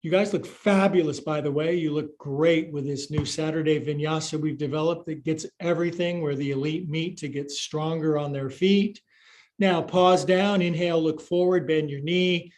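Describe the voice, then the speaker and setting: An older man with a high voice leads a live yoga class. He talks in quick, playful cues and counts each hold, and he runs a little short of breath along the way. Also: fairly even intonation, a little mellow. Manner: upbeat, playful coaching cues, counting reps. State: out of breath at times. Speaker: yoga teacher.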